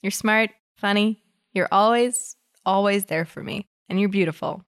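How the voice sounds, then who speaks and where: A woman's voice: mid-range voice, moderate pace, clean tone, lightly acted. A woman voicing a lovestruck, earnest teenage boy captain in a read-aloud story, blurting his feelings.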